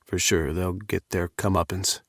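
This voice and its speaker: A man's voice: deep voice, level tone, a little slow, dry recording, studio quality. A man voicing an upset young male writer who rants in frustration. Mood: dejected. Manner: rising and agitated, ranting.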